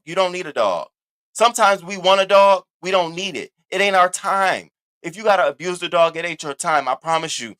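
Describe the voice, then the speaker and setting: A man's voice: a little high, bright, forceful tone. A man, hosting a casual, profane commentary rant aimed straight at his viewers. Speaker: commentary host.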